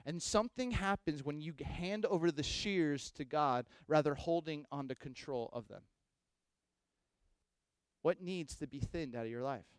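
A man preaching a sermon, telling a story with animated swings between loud bursts and hushed asides. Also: a little high, clear, resonant tone, no echo. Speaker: pastor.

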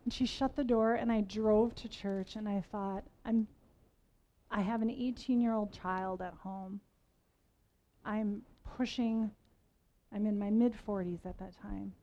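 A woman in her forties speaks to a women's gathering in a candid, self-mocking sermon, often laughing at herself. Her voice is dark and mellow. The recording sounds a little dull and lo-fi. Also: mid-range voice, fairly even intonation, unhurried. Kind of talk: conversational sermon talk.

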